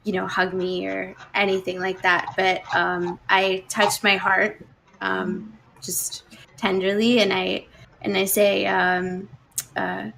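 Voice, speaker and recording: A woman's voice: medium pitch, little pitch movement, slow pace, creaky, fairly bright tone, rough recording. A woman playing in a tabletop game, describing her character's actions hesitantly with many fillers. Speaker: player.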